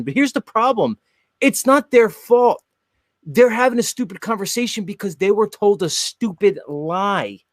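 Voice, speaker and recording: A man hosting a heated podcast debate, blunt and combative and quick to swear. His voice sits high and is recorded close and dry, with no room sound around it. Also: no echo. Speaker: show host.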